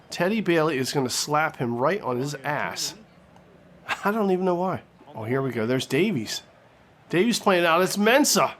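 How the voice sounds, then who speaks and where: High-voiced excitable male game commentator. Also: slight background noise. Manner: excitable, crude jokes, shouts on big plays. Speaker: gaming commentator. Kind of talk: comedic play-by-play game commentary.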